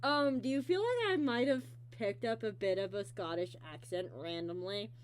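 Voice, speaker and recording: A woman hosting a casual online interview, talking haltingly with many ums and restarts. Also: mid-range voice. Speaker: interview host.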